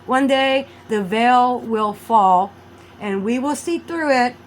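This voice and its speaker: A woman's voice: slow, low-quality recording. Rambling woman with faint background hiss. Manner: rambling, animated, swings between loud outbursts and low mutters. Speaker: vlogger. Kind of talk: rambling conspiracy monologue.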